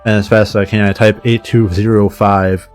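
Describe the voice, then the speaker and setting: Streamer: man, lowish voice, dramatic visual novel read-aloud, faint music behind. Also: flat delivery, moderate pace. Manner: dramatic reading with casual swearing asides.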